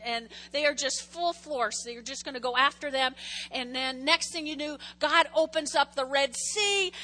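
A woman preacher teaching a casual Bible-study sermon. She tells the story in an animated, chatty way, moving between hushed asides and loud exclamations. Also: sits high.

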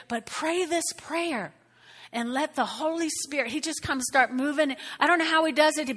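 Woman pastor, bright-voiced and exuberant, preaching and praying with a fairly high voice. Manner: exuberant, animated preaching with sudden exclamations. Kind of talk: sermon with prayer.

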